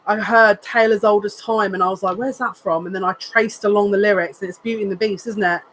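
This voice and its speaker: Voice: mid-range voice, fairly even intonation, fast, a bit bright, a little hiss or hum, rough recording. A psychic reader giving a live tarot card reading in an earnest, emotional way, repeating phrases and thinking aloud as they turn the cards. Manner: emotional, says they are near tears.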